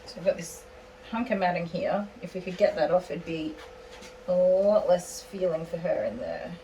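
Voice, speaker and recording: A young woman dog groomer explaining her work in a calm, gentle voice while soothing a nervous dog. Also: lowish voice, normal speed, slight background noise. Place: grooming salon. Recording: distant mic, loud clipper buzz.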